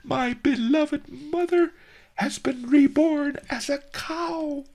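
A man voicing a bald male swindler who screeches and sobs in a shrill, high voice for a storybook reading. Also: slow pace, a little mellow, exaggerated voice. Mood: shrieking.

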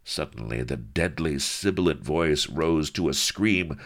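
A man's voice: rumbling low, lively intonation, a little slow, few pauses, fairly bright tone. A man narrating a comic audiobook with wry, theatrical asides to the listener.

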